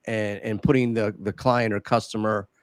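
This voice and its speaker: A man's voice: lowish voice, level tone, moderate pace, dry recording. A man co-hosting a casual podcast conversation, talking in an easygoing way and often repeating words as he thinks aloud. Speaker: podcast co-host.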